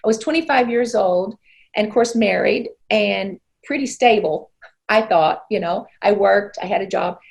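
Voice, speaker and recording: Creaky-voiced woman in her sixties. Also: mid-range voice, moderate pace. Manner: earnest, reflective storytelling. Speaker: guest. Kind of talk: personal testimony in conversation.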